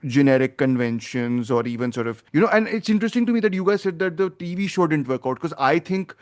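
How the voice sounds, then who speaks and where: A man's voice: on the high side, expressive, fast, a little mellow. Rambling opinionated male podcast host. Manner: rambling, opinionated, thinks aloud. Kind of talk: casual film review chat.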